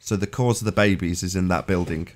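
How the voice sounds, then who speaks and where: Deep-voiced man, animated. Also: fast. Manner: animated, stammers when excited. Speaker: panelist on a live debate stream. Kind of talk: casual online chat.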